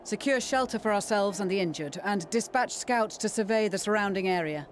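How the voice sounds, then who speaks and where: An actor voicing a calm military leader in a video game cutscene, giving orders in a measured way. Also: medium pitch, slight background noise, natural voice. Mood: commanding.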